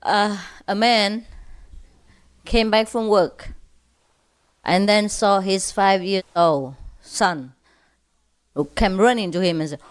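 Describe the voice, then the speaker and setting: A woman spiritual teacher tells humorous stories to a group in a lecture, playful and often laughing. Her mid-range voice is smooth and slow, with long pauses.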